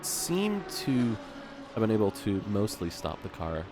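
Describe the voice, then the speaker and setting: Male live race caller, low-pitched, easygoing with lots of "uh"s, noisy feed. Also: measured pace. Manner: relaxed, chuckling, trailing off with fillers. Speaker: sim racing commentator.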